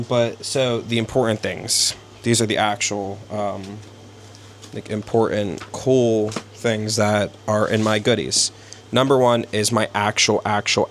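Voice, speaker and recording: A young man vlogging casually from his bedroom, rambling and halting with many fillers. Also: fairly low pitch, a bit bright, slight background noise. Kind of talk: casual self-interview. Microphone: small handheld camera.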